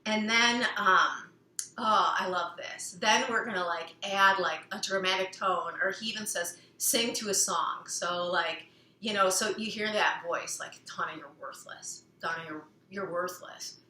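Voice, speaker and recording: A woman's voice: medium pitch, unhurried, sharp tone. A woman speaking casually about healing, rambling with many "you know" fillers and now and then singing a phrase in a playful way. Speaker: self-help speaker. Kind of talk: casual personal talk on healing. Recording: echoey room.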